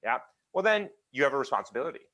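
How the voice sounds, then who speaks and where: A man answering questions in a conversational talk, emphatic and animated, with many fillers and restarts. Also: medium pitch, racing. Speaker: guest speaker.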